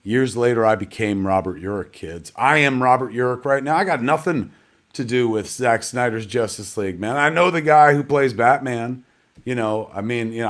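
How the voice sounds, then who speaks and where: A man hosts an online premiere as a loose live-stream chat. He rambles and runs himself down, with slang all through, and keeps calling his audience kids and man. His voice sits at a medium pitch. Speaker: red carpet host. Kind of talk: casual live-stream hosting.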